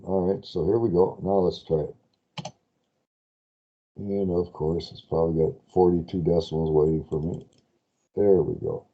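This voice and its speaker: Through lo-fi audio, a low-pitched man with a steady tone runs a spreadsheet lesson on lease finance. He's talkative, catches and corrects his own mistakes fast, and keeps asking the class questions.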